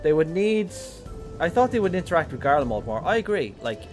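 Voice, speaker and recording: An Irish man chatting casually through a live game stream, rambling along with lots of "like" and quick self-corrections. His pitch rises and falls a lot as he talks. Faint game music runs underneath. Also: very animated. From Ireland.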